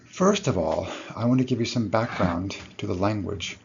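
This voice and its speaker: A man's voice: on the low side, moderate pace, a little mellow, muffled recording, slight background noise. A man giving a recorded lecture to his students, explaining step by step and correcting himself as he goes.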